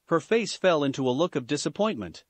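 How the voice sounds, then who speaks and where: A man narrating a fan-fiction story in an expressive, animated reading. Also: a little high, brisk, no echo.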